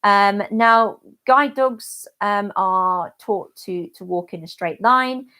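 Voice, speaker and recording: A woman's voice: medium pitch, slow, bright, forceful tone. Woman host, from the UK, casual livestream chatter, easygoing and talkative. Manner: chatty, restarts and fillers, laughs often. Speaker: channel host, guide dog user.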